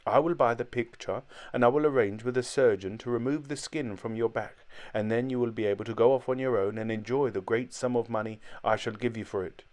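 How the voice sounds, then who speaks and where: A man voicing an eager, scheming art dealer who talks in a quick, insistent way. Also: mid-range voice, a little mellow, lightly acted.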